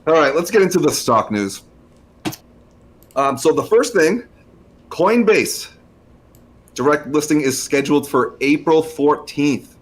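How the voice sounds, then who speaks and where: A man's voice: a little high, lively intonation, measured pace, pauses often. A young man co-hosting a casual stock podcast, laid-back and slangy, laughing often. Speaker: co-host.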